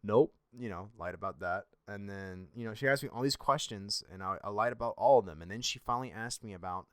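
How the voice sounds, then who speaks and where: A man's voice: fairly low pitch, fast, a bit bright, clear, resonant tone, dry recording, clean studio sound. A young man hosting a podcast, telling a personal story in a blunt, rambling and profane way. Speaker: podcast host.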